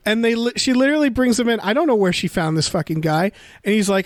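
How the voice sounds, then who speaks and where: A man's voice: high voice, quick pace, few pauses, dry recording. A man co-hosting a podcast in casual chat, rambling and acting out quotes from a film. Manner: rambling, animated, acts out quotes. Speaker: podcast co-host.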